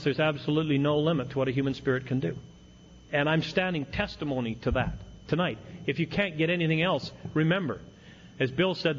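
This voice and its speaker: A man's voice: on the high side, in a large hall. A middle-aged man giving a humorous recovery talk as a speaker at a meeting, earnest with a wry streak. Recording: dull lo-fi recording with faint hiss.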